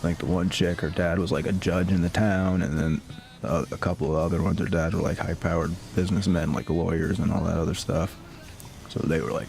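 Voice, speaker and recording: Laid-back male streamer, deep creaky voice, rambling, filler-heavy storytelling. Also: little pitch movement, brisk, a little mellow. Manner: rambling, heavy use of filler words, laughs often. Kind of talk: casual storytelling chat.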